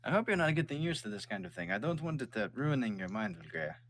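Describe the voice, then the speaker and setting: A man voicing a middle-aged male nomad king who is wary of town life, speaking in a halting, hesitant way. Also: medium pitch, sing-song, a bit bright, pitched above the performer's own voice.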